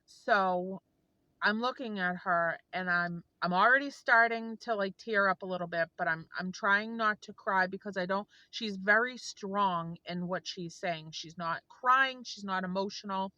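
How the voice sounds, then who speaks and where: A woman's voice: mid-range voice, unhurried, bright, forceful tone, no echo, highs cut off. A woman vlogger telling a heartfelt story to her viewers in an earnest, rambling way. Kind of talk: casual storytelling to camera.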